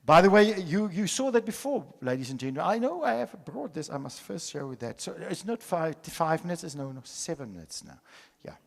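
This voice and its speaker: A man's voice: on the high side, big pitch swings, brisk, gravelly, hardly any pauses. Dramatic older man, hall reverb. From South Africa. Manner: dramatic storyteller, swings from loud to hushed. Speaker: conference speaker. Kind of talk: motivational conference talk.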